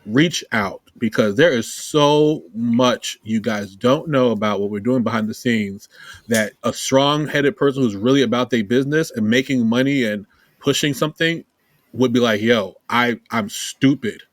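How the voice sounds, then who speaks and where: A man's voice: moderate pace, no echo. Male podcast co-host, earnest and emphatic, mid-range voice, dry recording. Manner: earnest, emphatic pitching of the show. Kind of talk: casual chat.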